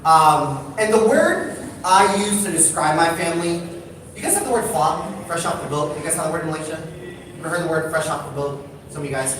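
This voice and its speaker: A man from the United States telling stories to a live audience, animated and quick to put on voices and ask the crowd questions. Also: fairly high pitch. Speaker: storyteller. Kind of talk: live storytelling talk to an audience. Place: large hall with audience. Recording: echoey hall from far off, background noise.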